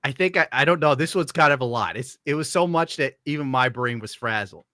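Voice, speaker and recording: A male streamer with a bright, forceful voice and a mocking, sarcastic streak, talking casually with his co-host. His sound is dry and close to the mic, with no room around it. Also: medium pitch, brisk, dry recording. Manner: sarcastic and mocking, reads out donations.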